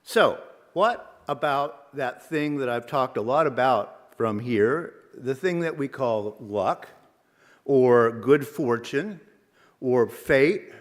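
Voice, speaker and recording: Slow, measured man preaching in a hall. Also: medium pitch, fairly bright tone. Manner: measured, reflective, asks rhetorical questions. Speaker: minister. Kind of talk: sermon. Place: church sanctuary. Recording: long reverb of a large hall.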